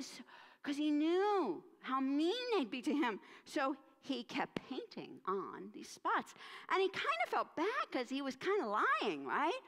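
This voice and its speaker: A woman minister telling a story during a church service, dramatic and expressive, in a church with a long hall reverb. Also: a little high.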